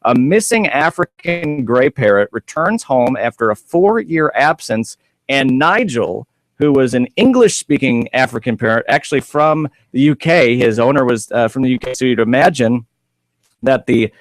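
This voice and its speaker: A man's voice: medium pitch, expressive, normal speed. A man hosting a call-in pet radio show, chatting in an upbeat, easy way. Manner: upbeat, repeats the phone number, easy banter. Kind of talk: casual radio chat.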